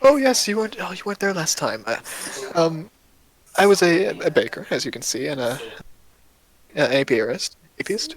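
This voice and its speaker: A man's voice: on the high side, sing-song. Man doing a sweet old lady baker. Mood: friendly. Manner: halting, gentle, stumbling over words. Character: kindly old woman baker who keeps bees.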